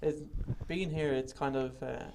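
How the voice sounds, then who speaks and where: Irish man, podcast guest, relaxed and even, slight gravel in the voice. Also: medium pitch, measured pace, slight background noise. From Ireland. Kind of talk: casual podcast chat. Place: small office studio.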